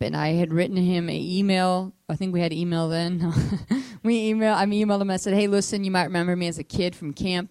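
A woman's voice: fairly low pitch, a little mellow, no room sound. A middle-aged woman minister telling her life story to a group, acting out voices and laughing as she goes. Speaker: minister sharing testimony. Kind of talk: testimony talk to a group.

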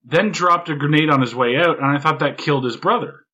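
A man in casual movie chat, wry and hesitant, often pausing with ums. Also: on the high side, bright, forceful tone, slightly rough. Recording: dull lo-fi audio.

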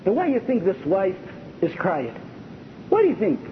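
A man's voice: high-pitched, huge pitch swings, normal speed. A man preaching a sermon with speech, telling stories animatedly and repeating phrases for emphasis. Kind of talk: sermon storytelling. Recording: dull lo-fi lecture recording with faint hiss.

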